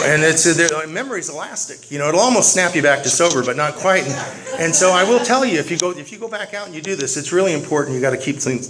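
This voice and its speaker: A man sharing his recovery story with self-mocking humor, animated and full of repeated words and restarts. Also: fairly high pitch, poor audio.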